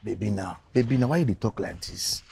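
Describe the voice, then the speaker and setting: A man's voice: lowish voice, animated, fairly quick, gravelly, dark tone, husky. A young man with a Nigerian accent, pleading and coaxing in film dialogue. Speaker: poor young lover.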